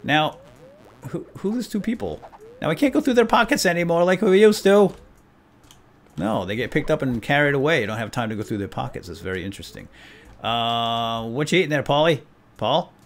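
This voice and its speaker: An excitable man gives gameplay commentary, his pitch leaping up and down all the time. He jokes around and reads the on-screen text aloud as he plays. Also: fairly quick. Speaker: let's play host.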